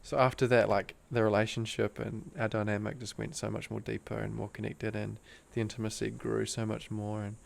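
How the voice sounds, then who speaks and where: This is a man with a low, gravelly voice. He tells a personal story in easygoing slang. His delivery stays flat and earnest, and it often drops to a soft hush. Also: brisk, hardly any pauses. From Australia. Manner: laid-back slang, calls the host bro; earnest and emotional, drifts into soft hushed tones. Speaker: guest, breathwork teacher.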